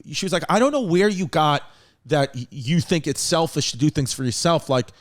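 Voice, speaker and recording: A man's voice: fairly high pitch, lively intonation, a little fast. A man hosting a comedy podcast, telling long rambling stories in casual chat and quoting others along the way. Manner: rambling storyteller, quotes his mother. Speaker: podcast host.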